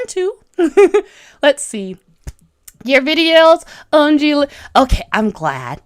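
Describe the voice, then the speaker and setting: A bubbly woman in her thirties with a high, bright-sounding voice, talking through a drawing tutorial on a livestream. She rambles, giggles often and teases herself as she answers viewers. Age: 30s. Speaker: webcomic artist streaming a tutorial. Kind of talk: casual livestream chat, reading comments.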